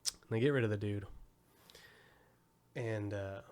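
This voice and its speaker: A man co-hosting a podcast, casually retelling a movie plot in an animated way and leaning hard on "like.". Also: on the low side, a little slow, clean tone. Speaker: podcast co-host. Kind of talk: casual film chat.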